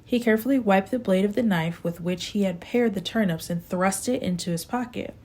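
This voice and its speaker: A woman narrating an audiobook in a steady, unhurried amateur reading. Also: mid-range voice. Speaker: audiobook reader.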